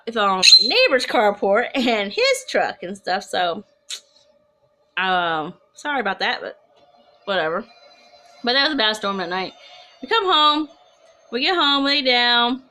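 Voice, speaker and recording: Bright-voiced woman telling a rambling story. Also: a little high, slight background noise. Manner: rambling, chatty, with frequent restarts and asides. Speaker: storyteller of personal ghost stories. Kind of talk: casual storytelling to camera.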